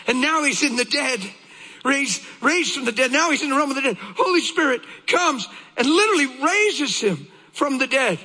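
A man preaching a sermon with passion, often shouting, then dropping low and slow. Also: lively intonation. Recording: long hall reverb.

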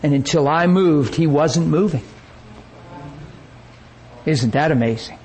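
A man preaching a sermon, telling a story with lively energy and acting out the people he quotes. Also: fairly high pitch, takes it slowly, a little hiss or hum, poor audio.

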